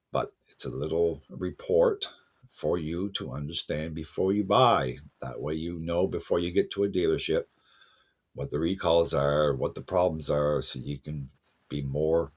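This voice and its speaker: A man's voice: very deep voice, slightly rough. A man hosting a car news channel, talking casually to his viewers and correcting himself as he goes. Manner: conversational, self-correcting, addresses viewers as folks. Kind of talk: casual spoken commentary to camera.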